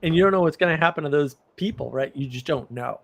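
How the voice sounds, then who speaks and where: A man's voice: on the high side, quick pace, creaky. A middle-aged man hosting a livestream, telling rambling stories in casual chat with bursts of laughter. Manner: rambling, animated storytelling with laughs. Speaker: livestream host.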